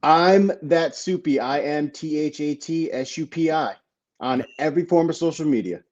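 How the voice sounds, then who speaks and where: A man's voice: on the high side, moderate pace, darkish tone, dull audio. A man joining as a guest betting analyst, greeting the hosts in a friendly, upbeat way. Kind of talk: casual greeting.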